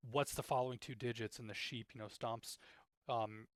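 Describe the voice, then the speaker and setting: A man giving casual, rambling commentary as a TV reviewer, growing exasperated and animated with many restarts. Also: mid-range voice, normal speed, no room sound. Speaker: TV show reviewer.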